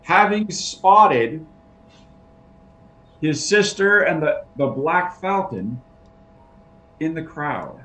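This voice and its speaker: A man's voice: fairly high pitch, lively intonation, drawn-out words, pauses often, bright, forceful tone, roomy sound, poor audio. A man narrating a tabletop game as game master, loose and casual with fillers.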